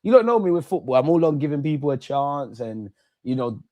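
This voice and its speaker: A young English man in his twenties riffs on a live stream, full of slang and repeated phrases. His voice sits a bit high for a man. It sounds dry and close on the mic. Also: very animated, a little fast, no room sound, muffled recording. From England. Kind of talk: casual live-stream chat reading viewer comments.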